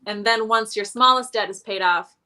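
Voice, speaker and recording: Bright-voiced woman telling her debt story. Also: on the high side, normal speed. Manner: candid, self-deprecating storytelling with many fillers. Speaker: guest. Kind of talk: casual interview chat.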